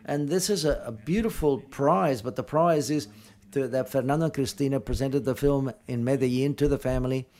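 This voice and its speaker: Fielding questions at a film press conference, this man speaks in a slightly mellow, mid-pitched voice, his answers halting and often broken off partway to be restarted or corrected.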